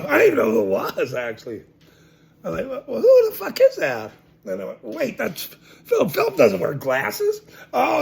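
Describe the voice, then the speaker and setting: High-pitched gravelly ranting man. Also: a bit bright. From Ireland. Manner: mocking, laughing between lines; repeats points emphatically. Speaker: citizen journalist. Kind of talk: ranting monologue to camera.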